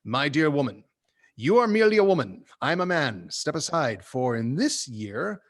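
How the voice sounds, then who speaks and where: Pompous Victorian gent doctor, lofty and patronizing, pitched up and loud, as a man puts him on. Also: very animated, moderate pace. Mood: condescending.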